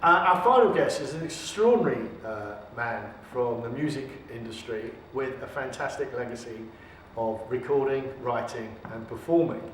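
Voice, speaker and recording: A man's voice: medium pitch, expressive, moderate pace. A man with a British accent hosting a mock talk show interview, polite and formal with some hesitation. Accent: British English. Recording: echoey room, distant mic, faint noise.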